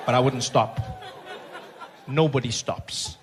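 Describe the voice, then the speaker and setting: A South African man in his thirties doing stand-up, telling a story with an animated, repetitive rhythm. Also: sits high, fairly quick, noisy background. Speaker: stand-up comedian.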